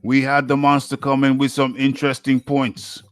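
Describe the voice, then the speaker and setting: A man's voice: mid-range voice, completely flat delivery, moderate pace, smooth, no echo, soft background music. A man from the UK hosting a live boxing talk stream, chatting casually and reading out viewer names and comments.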